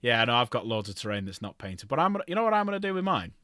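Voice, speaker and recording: A man's voice: medium pitch, very animated, racing, pushed and bright, no room sound, clean studio sound. A man chatting casually on a livestream, rambling through long lists and correcting himself as he goes. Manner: rambling, self-correcting, lists items aloud. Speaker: streamer.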